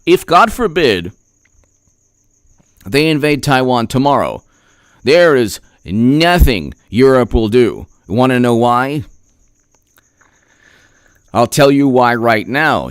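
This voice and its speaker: A man rants through sarcastic political commentary in a heated, repetitive way, clearing his throat now and then. His voice is smooth and resonant at a middle pitch, recorded close and dry. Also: dry recording. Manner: sarcastic, heated, repeats himself. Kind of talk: opinion rant vlog.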